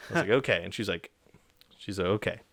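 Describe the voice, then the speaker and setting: A man's voice: lowish voice, fast talker, no echo. A young man casually retelling a story on a podcast, acting out the people he quotes. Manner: animated retelling with quoted voices, swears mildly. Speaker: podcast co-host.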